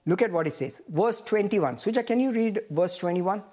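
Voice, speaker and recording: A woman's voice: medium pitch, animated, normal speed, dark tone, slightly rough. A woman preaching a sermon, reading scripture aloud and asking the congregation questions.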